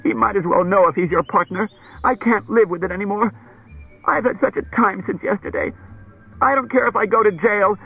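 A man voicing a frightened, guilt-ridden wife who pleads through tears in a breathy, high voice. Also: steady tone, a little fast, hardly any pauses, pushed and bright, soft background music, heavily acted, low-quality recording. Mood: distraught.

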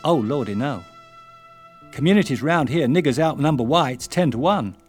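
An older English man voicing a young American airman from the South, with a deliberately English-tinged Southern accent, blunt and drawling. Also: on the high side, lively intonation, soft background music, voice pushed up, close to an everyday voice. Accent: put-on American Southern, English-tinged.

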